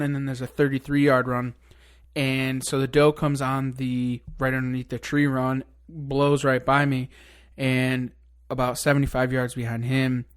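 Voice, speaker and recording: A man telling a long hunting story in casual podcast chat, excited and cursing freely. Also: medium pitch. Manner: excited, swears a lot, rambling hunting story. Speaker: podcast guest.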